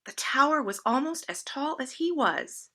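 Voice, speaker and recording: A woman reading a picture book aloud to children, gently inviting the listeners with questions. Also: sits high, lively intonation, normal speed. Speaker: storyteller.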